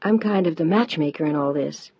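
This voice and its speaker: A woman's voice: deep voice, a little fast, a little mellow, husky, dry recording. A woman voicing an eager female TV reporter. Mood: earnest. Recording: dull dry audiobook recording.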